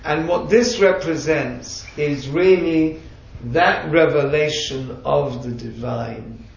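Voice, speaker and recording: A man's voice: on the high side, takes it slowly, creaky. A man teaching a group, explaining patiently with chatty asides. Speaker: religious teacher. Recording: echoey room, distant mic, dull sound.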